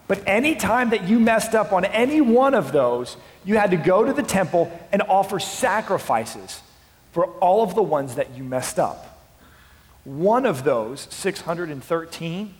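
Impassioned high-voiced male pastor. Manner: swings from hushed to impassioned shouting. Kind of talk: sermon. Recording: long hall reverb.

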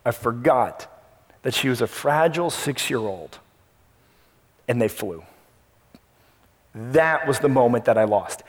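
A man preaching a sermon as pastor, telling a family story with lively asides and acting out his own past lines. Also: medium pitch. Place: church sanctuary. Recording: long reverb of a church hall.

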